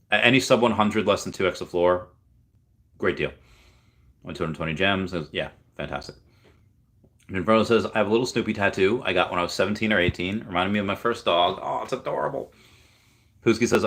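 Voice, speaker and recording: Male streamer, deep voice, casual and hesitant, reading chat aloud. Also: a bit bright. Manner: chatty, hesitant, repeats words while thinking. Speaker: livestream host. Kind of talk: casual live chat, reading viewer comments.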